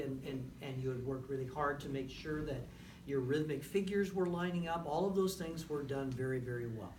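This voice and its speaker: A man's voice: fairly high pitch, a little mellow. A man coaching a brass ensemble in a rehearsal room, encouraging and checking in with "right?" and "okay?" after almost every point. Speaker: music clinician. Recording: roomy, from a distance, faint background noise.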